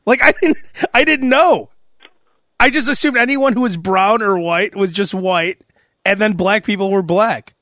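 A man in his thirties hosting a podcast, telling rambling, animated stories and laughing as he goes. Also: sits high, unhurried, dry recording, clean studio sound. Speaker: podcast host. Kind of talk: casual podcast chat.

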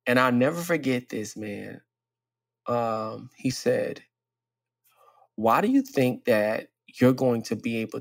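A man in casual podcast talk, animated and candid, who laughs easily and leaps up in pitch when quoting himself. His mid-range voice sits on a dry, close mic. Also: vocal fry, no echo. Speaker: podcast co-host.

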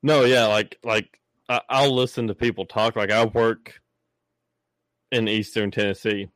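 A man's voice: lowish voice, flat delivery, a little slow, a bit bright, clean tone, dry recording. A man with a Southern US accent talking bluntly and laughing often in a casual chat. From Southern United States.

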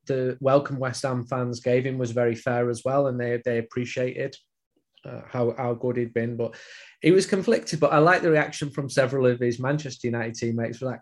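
A man chatting casually on a football podcast, a regular on the show, talking in a chatty, self-deprecating way and often repeating words as he starts a thought. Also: medium pitch. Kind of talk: casual chat.

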